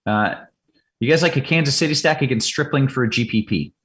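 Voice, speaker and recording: A man hosting a casual sports betting chat, joking and firing off quick questions. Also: mid-range voice, a bit bright. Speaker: host.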